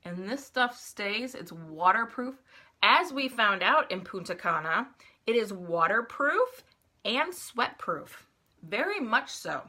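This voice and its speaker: A woman's voice: medium pitch, sing-song, slow pace, pushed and bright. A middle-aged woman chatting casually with her viewers during a live makeup tutorial, talking them through each step. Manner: chatty, talks to viewers while applying makeup. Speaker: makeup vlogger.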